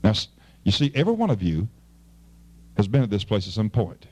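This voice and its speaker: A man preaching a fervent sermon as pastor, swinging between loud appeals and low, quiet asides. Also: very animated, brisk.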